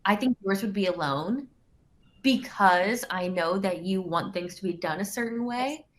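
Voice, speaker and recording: A woman's voice: mid-range voice, measured pace. A woman, an actress, chatting playfully in an interview and laughing often between remarks. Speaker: actress promoting a film. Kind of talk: casual playful chat.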